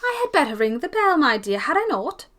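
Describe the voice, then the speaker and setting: A bright little Scottish lady of middle age, put on by a woman reading aloud, with a broad Scottish accent and a sweet, lifted voice. She talks briskly and friendly, like a storybook gentlewoman. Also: sits high, sing-song, voice pushed up.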